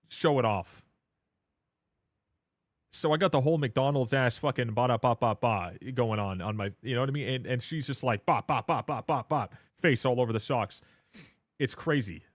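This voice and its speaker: A man's voice: mid-range voice, normal speed, long pauses, dry recording, clean studio sound. A man of twenty-seven, hosting a livestream, chatting casually in a joking, rambling, self-mocking way. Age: 20s. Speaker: livestream host.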